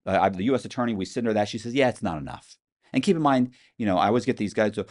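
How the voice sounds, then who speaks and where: A man's voice: lowish voice, big pitch swings, very fast, a little mellow. A man telling a long story as an interview guest, acting out the people he quotes and swearing freely.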